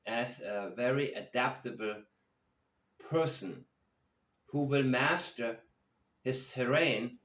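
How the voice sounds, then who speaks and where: A man giving slow, analytical commentary on true-crime video clips. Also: mid-range voice, a bit bright. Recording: roomy echo.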